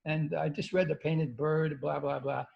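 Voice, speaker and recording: Gravelly older man telling a rambling story. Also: fairly high pitch, flat delivery. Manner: halting, many restarts, casual swearing. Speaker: guest. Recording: dull lo-fi sound.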